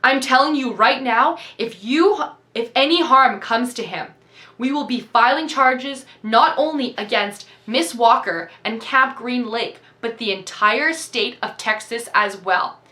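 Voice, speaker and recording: Snapping, protective lady lawyer, voiced by a woman reader, storybook tone, bright and high. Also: measured pace, reverberant. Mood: insistent. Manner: sharp and insistent. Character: fierce, protective female lawyer.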